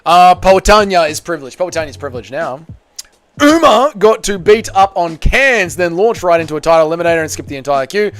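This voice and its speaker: A young man who talks quickly and rambles as he reads viewer comments aloud on a casual stream. He fills his talk with "like" and swears freely. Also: high voice, very animated, faint music behind. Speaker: MMA livestreamer.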